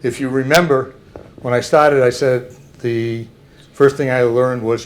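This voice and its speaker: An older man giving a public talk, slowly and carefully explaining examples to an audience. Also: mid-range voice, steady tone.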